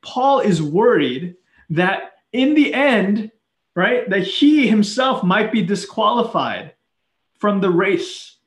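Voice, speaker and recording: A man's voice: high voice, animated, takes it slowly, a bit bright, roomy sound. A man preaching a sermon in a casual, conversational way, full of fillers and restarts.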